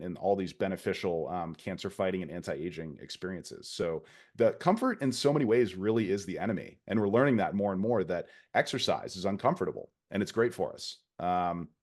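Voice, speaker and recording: A man talking as a podcast guest, explaining ideas at length in a casual conversation. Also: low-pitched. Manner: explanatory, lecturing tone.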